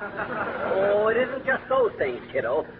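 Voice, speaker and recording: An actor playing a blustering, excitable husband who fancies himself a detective, loud and quick to leap to wild conclusions, in 1940s radio comedy style. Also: male voice, high voice, a crowd in the background, full character voice. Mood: scheming. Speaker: comic lead in a radio sitcom. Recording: muffled old radio broadcast with hiss.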